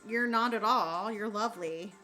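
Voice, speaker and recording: A young adult woman streaming to her viewers chats casually at a moderate pace in a mid-range voice. She rambles with lots of fillers while answering chat in a warm, sympathetic way. Faint music plays behind her, and the recording quality is low.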